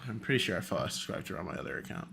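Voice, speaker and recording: A man's voice: deep voice, sing-song, rapid-fire, gravelly, pushed and bright, breathy edge. A young man streaming casually, rambling and exclaiming to himself as he sets things up. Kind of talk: casual stream chat while setting up a video.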